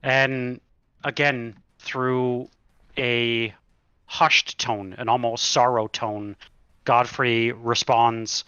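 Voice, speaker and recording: A man runs a tabletop horror game as game master, narrating slowly with dramatic pauses. His voice is bright and clear, close and dry, on a slightly muffled lo-fi recording. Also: medium pitch, little pitch movement, dry recording.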